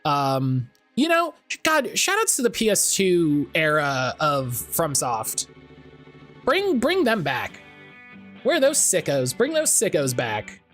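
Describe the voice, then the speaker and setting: Man streamer, rambling live game commentary, lively pitch, faint background music. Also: slow. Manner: rambling, self-repeating, joking.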